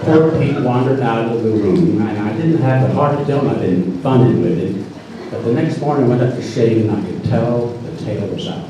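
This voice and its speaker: A man's voice: mid-range voice, lively intonation, fairly quick, crowd noise. An older man telling a personal story on a live stage with dry, folksy humor. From North Carolina. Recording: echoey hall from far off.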